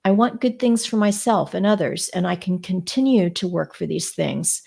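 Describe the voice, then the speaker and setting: A woman on a book club panel, reading a memoir aloud in a steady, measured way. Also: fairly low pitch, vocal fry, husky.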